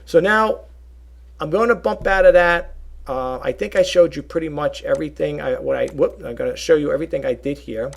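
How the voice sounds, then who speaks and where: A man's voice: fairly high pitch, fairly quick, gravelly. A man talking casually in a rambling how-to vlog, often checking in with "okay?" and calling his viewers folks. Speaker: YouTube reseller vlogger.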